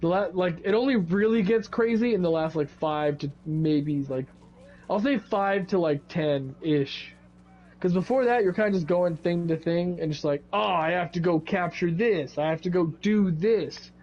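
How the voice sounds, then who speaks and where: Animated young man ranting over gameplay. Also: moderate pace, highs cut off. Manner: animated, swears freely, quotes himself in sudden high outbursts. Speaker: co-host of a gaming video. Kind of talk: casual gaming chat.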